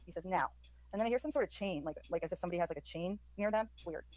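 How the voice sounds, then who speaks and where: On a live stream, a woman with a warm, lowish voice speaks in rapid-fire bursts as she comments on the audio she's hearing. Hesitant and full of ums, she repeats overheard lines, all captured in low-quality sound.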